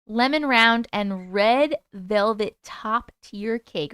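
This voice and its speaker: A woman hosting a live stream, reading viewer comments aloud and greeting people in a bubbly, chatty way with a high, squeaky voice. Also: animated, drawn-out words, fairly bright tone, clear, resonant tone, no echo, studio quality. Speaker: host reading live chat. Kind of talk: casual live-stream chat.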